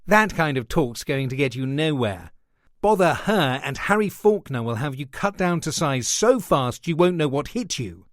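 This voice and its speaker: A man's voice: a little high, sing-song, normal speed, no room sound, studio quality. Man doing a sly, sour club boss. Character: sour, scheming male nightclub boss.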